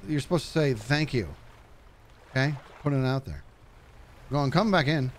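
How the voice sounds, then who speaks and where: A man's voice: normal speed, a little hiss or hum. A man giving chatty live commentary while playing a fishing game, reading chat and yelping when things go wrong. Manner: animated, chatty, jumps to high panicky yelps.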